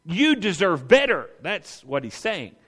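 A male pastor preaching a sermon in an animated, conversational way with rhetorical asides. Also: high voice, a little slow, slightly rough.

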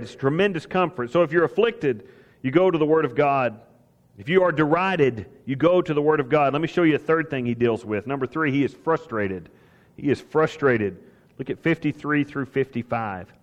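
Man preaching, emphatic, rhetorical questions, fairly high voice, long hall echo. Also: animated, fairly quick. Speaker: pastor. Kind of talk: sermon.

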